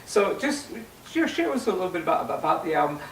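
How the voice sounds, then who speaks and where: A man's voice: high-pitched, sing-song, rapid-fire, fairly bright tone, distant mic. Enthusiastic male interviewer. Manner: enthusiastic, prompting with many yeahs and wows. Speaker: interviewer, host. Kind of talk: casual interview. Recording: echoey room, faint noise.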